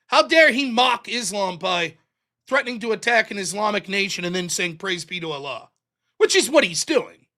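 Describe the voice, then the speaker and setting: A man hosting a live-streamed show, ranting through profane, mocking political commentary that swings from shouting to muttering. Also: high-pitched, expressive, normal speed.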